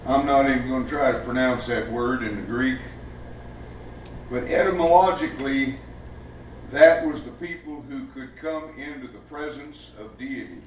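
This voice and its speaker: A man's voice: medium pitch, moderate pace, slight background noise. A man preaching a sermon in a folksy, emphatic way, asking rhetorical questions in a church. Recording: echoey room with the mic far off.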